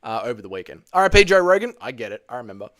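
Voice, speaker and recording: A man's voice: medium pitch, very animated, very fast, fairly bright tone. Profane man reading stream chat. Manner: crude, profane banter, calls people mate. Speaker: livestream host reading chat. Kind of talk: casual livestream chat.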